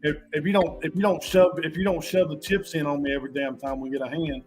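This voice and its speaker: Man, slightly high voice, teasing, laid-back, faint music behind. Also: fairly even intonation, fast, a little mellow. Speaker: guest player. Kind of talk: casual chat.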